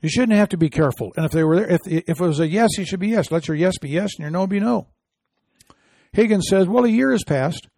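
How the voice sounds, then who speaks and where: An indignant man hosting a commentary show, his voice pitched a little high for a man. He reads quotes aloud and scoffs at them. The recording is dry and close, with no room sound. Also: lively intonation, fast talker, vocal fry, a little mellow, no room sound. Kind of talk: opinion commentary.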